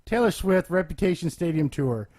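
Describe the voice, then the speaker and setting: A man's voice: a little high, lively intonation, moderate pace, darkish tone. A man hosting a casual podcast chat, reading off a list of picks and asking the others for their verdicts. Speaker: podcast host.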